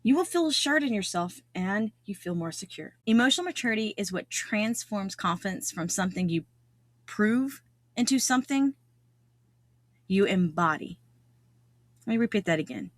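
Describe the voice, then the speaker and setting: A middle-aged woman hosting a solo self-improvement podcast, talking earnestly and repeating key phrases for emphasis. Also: medium pitch. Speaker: podcast host.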